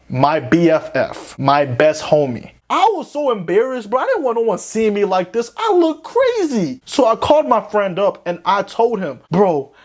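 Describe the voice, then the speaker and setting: A young man from Florida telling a storytime tale in slangy talk, swinging between panicky high squeaks and low drawls. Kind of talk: animated storytime narration.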